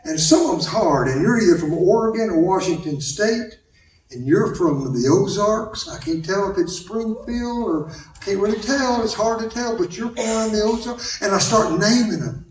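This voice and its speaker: A man's voice: sits high, animated, moderate pace. A middle-aged man from the American South with a Southern accent, telling rambling, folksy stories on stage as a stand-up comedian. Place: large theater stage with live audience. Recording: echoey hall recorded from a distance.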